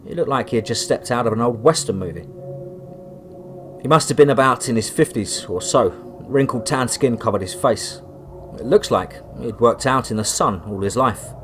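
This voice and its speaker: A man reading a scripted first-person horror story in a steady, measured way. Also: medium pitch, noisy background. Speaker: narrator.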